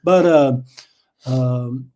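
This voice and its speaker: Speaking very slowly in a mellow, medium-pitched voice, an older livestream host shares folksy, emotional stories with viewers he calls y'all. There is slight background noise.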